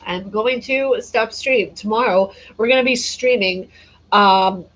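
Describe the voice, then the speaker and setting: A woman's voice: mid-range voice, measured pace, a bit bright, lo-fi sound. A tired woman chatting casually on a gaming livestream, reading and answering viewer comments and laughing often. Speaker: gaming streamer.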